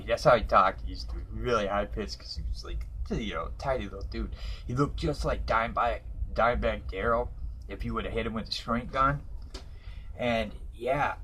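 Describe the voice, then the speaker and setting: A man's voice: on the low side, moderate pace, fairly bright tone, a little hiss or hum, poor audio. Rambling Midwestern man telling stories. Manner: rambling, laughs mid-sentence, lots of fillers. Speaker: vlogger. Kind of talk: casual storytelling.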